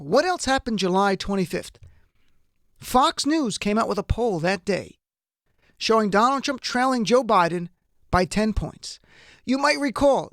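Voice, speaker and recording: A man's voice: high voice, a bit bright, dry recording, studio quality. A man hosting a political talk show, delivering a wry, incredulous commentary monologue straight to his listeners.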